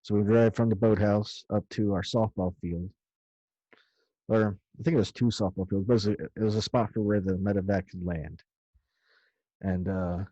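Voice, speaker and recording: A man's voice: on the low side, warm tone, no room sound. A man casually recounting a story of his own in a loose, rambling way, with some swearing. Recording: dull lo-fi dry recording.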